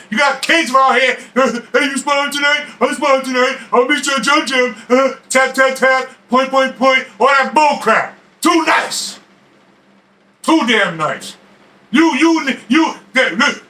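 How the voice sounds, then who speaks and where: A middle-aged man and boxing expert, ranting fiercely to camera in streetwise slang, often shouting and stumbling over his restarts. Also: extremely high pitch, rough recording. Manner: fiery, shouting, stammering restarts.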